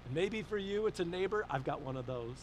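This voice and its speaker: Male preacher with a high voice, animated storyteller, faint background hum. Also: brisk, low-quality recording. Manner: animated storytelling, rising emphasis on questions. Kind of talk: sermon.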